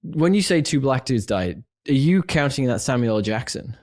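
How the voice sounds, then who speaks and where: A man's voice: mid-range voice, lively intonation, moderate pace, a little mellow, no echo, studio quality. A man co-hosting a podcast, chatting animatedly about films and laughing often. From northern England. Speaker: podcast co-host. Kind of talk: casual film chat.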